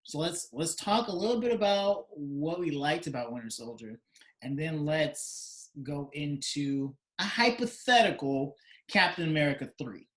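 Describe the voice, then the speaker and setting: A man's voice: fairly high pitch, unhurried, a bit bright. Joking man co-hosting a podcast. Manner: joking, playful banter. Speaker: podcast co-host. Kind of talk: casual chat. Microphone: remote video call.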